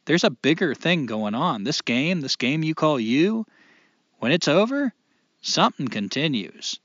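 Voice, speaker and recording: A man's voice: medium pitch, a bit bright, dry recording. Guy cohosting a chill podcast, thoughtful and emphatic, dry dull lo-fi sound. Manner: reflective, emphatic, swears casually. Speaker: podcast co-host. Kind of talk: casual podcast chat.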